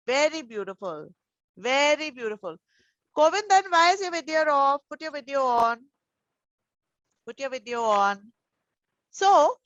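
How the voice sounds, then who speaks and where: A woman teaching young children over a video call, gentle and encouraging, full of endearments. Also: high-pitched, no room sound. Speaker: preschool teacher. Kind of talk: online class with young children. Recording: dull, dry video call audio.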